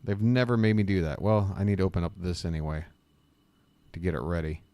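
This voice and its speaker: Male streamer, lowish voice, dry sound; casual, sarcastic, rambling riffing. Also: fairly even intonation, a little fast, mellow, dry recording. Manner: rambling, self-interrupting. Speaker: live-stream host. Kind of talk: casual live-stream commentary.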